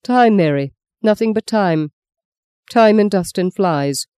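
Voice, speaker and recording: A woman reading the part of a charming, guarded male priest who answers wryly and gently protests. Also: medium pitch, animated, takes it slowly, smooth, no room sound, clean studio sound, voice pushed up.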